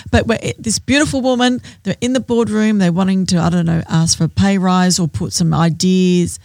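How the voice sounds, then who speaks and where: A woman's voice: fairly low pitch, a little fast, no echo. Chatty woman host, dry sound. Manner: chatty, animated, swears casually. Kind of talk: casual interview chat.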